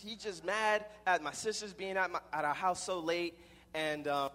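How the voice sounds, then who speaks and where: A man's voice: fairly high pitch, normal speed, pushed and bright, long reverb tail. A young man telling a personal story in a rambling way, with many repeated restarts.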